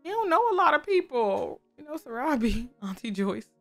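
With a high-pitched, very animated voice at normal speed, this gaming YouTuber comments casually on her game, chatty and full of exclamations. She addresses her viewers and the characters alike, over faint background music.

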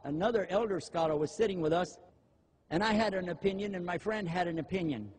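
An older man giving a religious lecture, animated and humorous, often mimicking eager people in a raised voice. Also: sits high, brisk. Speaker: Muslim preacher. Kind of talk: lecture with acted-out asides.

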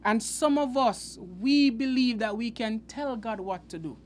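A man's voice: very high voice, unhurried, few pauses, a little hiss or hum. A man hosting a Bible teaching show, explaining scripture in an earnest, emphatic way that often halts and repeats words. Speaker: preacher and host.

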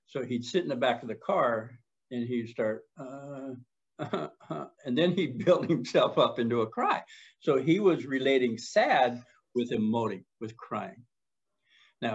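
An older man co-hosting a talk show, telling a story in a calm, halting way with many restarts. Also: medium pitch, slightly rough. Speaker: podcast co-host. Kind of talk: conversational storytelling. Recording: dull lo-fi sound.

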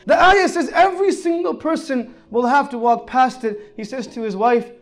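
A man delivers an Islamic sermon at a moderate pace, telling stories earnestly. He shifts between soft, low passages and raised, emphatic ones.

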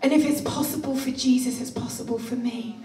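A woman preaching a passionate sermon, with playful laughs and hushed asides. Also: sits high, steady tone, fairly quick, soft background music. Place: church hall. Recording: roomy church hall, distant mic.

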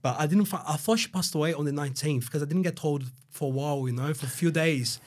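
A man's voice: a little high, fast talker. A man from Brazil who grew up in Australia, with an Australian accent, telling his story as a podcast guest in a loose, rambling way with lots of swearing and fillers. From Brazil, raised in Australia. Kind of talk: casual storytelling interview.

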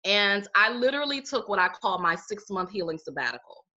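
A middle-aged woman, a life coach and healer, is a guest in a casual interview, telling her own story and acting out what people said. Her medium-pitched voice swings widely, brisk and sharp, over muffled lo-fi audio.

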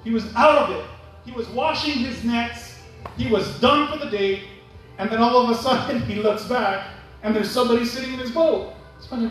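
A man preaches in a church sanctuary, calling out for amens and acting out little scenes of dialogue. His voice sits unusually high. The recording is distant and drenched in the echo of a large hall. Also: quick pace, soft background music. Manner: calls for amens, acts out imagined dialogue. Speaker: pastor. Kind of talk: sermon. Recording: echoey church hall from far off.

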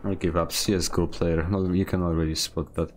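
A man's voice: low-pitched, level tone, a little fast. A man streaming a video game, chatting casually with playful, mock-dramatic complaints and outbursts. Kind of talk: casual gaming commentary.

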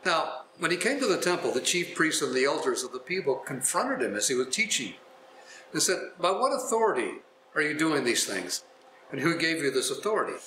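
Male pastor, Bible class, scripture reading with folksy commentary, slightly high voice, echoey church room. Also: sing-song, brisk, bright, forceful tone, a little hiss or hum. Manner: folksy, chuckling asides between readings.

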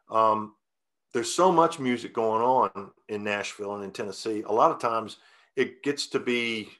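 A man telling stories in a relaxed interview, folksy and rambling, with many restarts and fillers. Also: fairly low pitch. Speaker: guest singer-songwriter. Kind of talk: casual interview storytelling.

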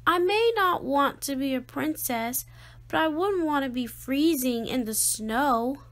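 A woman's voice: high-pitched, lively intonation, a little slow, a bit bright, exaggerated voice. A woman voicing a strong-willed, dramatic little girl who speaks emphatically. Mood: earnest. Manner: emphatic, indignant questions.

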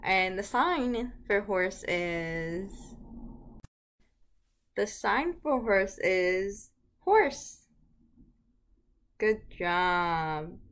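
A woman hosting a children's lesson video, talking gently to small children and making sing-song animal noises. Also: medium pitch. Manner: slow, bright voice, sing-song animal noises for little ones. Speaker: early childhood teacher.

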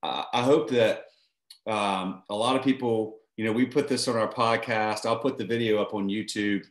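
A man hosting a podcast, affirming his guest in a halting way full of fillers. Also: lowish voice, steady tone, echoey room. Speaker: podcast host. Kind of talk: interview conversation.

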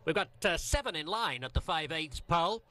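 A male race caller with a high, bright, ringing voice. He rattles off the running order in a rapid, rhythmic cadence, as in live horse race commentary. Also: animated.

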